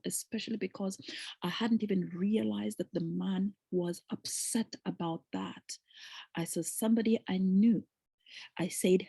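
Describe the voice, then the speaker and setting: A woman, a relationship coach, telling a personal story to camera in a lively way and acting out the voices of others. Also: mid-range voice, a little slow, creaky, husky, no room sound. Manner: animated storyteller, acts out quoted voices.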